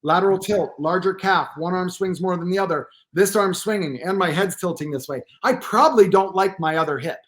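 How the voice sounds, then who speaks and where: A man from Pennsylvania, a guest posture therapist, telling animated, joking anecdotes in a podcast interview and acting out both sides of the conversation. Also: high-pitched, brisk, few pauses.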